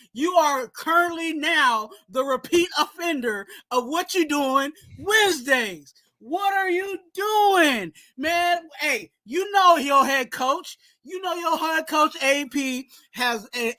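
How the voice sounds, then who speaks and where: A man hosting a fan sports show, ranting heatedly and often shouting, with lots of "you know what I'm saying". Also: very high voice, no echo. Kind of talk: casual sports talk, ranting segment.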